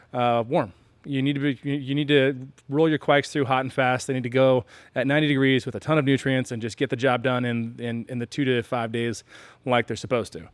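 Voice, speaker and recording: A man's voice: mid-range voice, clear, resonant tone, no echo. A man from the United States hosting a homebrewing channel, explaining casually and rambling with many fillers and self-deprecating asides.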